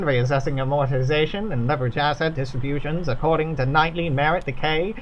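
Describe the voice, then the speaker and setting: A patient older guide speaking with a warm Kentucky drawl, as a let's player puts him on. He sounds courteous and faintly smiling, and his pitch moves a lot. The recording is a little dull, with a faint hiss underneath. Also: close to an everyday voice. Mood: reverent. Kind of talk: video game character voice in a let's play.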